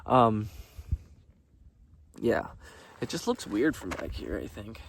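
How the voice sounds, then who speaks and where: Lively, laughing man outdoors. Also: on the low side, slow, gravelly. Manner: laughs often, swears casually. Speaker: vlogger dressed as a jester. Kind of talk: casual rambling recap of his day. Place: outdoors on a gravel road. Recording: distant mic with faint outdoor noise.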